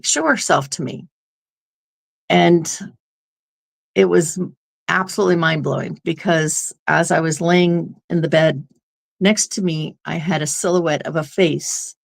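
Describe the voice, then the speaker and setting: Low gravelly-voiced woman storyteller. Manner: earnest, rambling storyteller. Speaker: guest medium. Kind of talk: telling a personal story in an interview.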